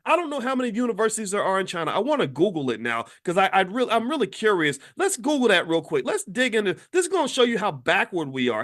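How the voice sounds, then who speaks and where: A podcast host delivers a fiery monologue, firing off rhetorical questions at his listeners. He talks in a fairly high voice that leaps and dips with great animation. He sounds impassioned and preachy throughout. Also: fairly bright tone. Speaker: podcast host and finance professor.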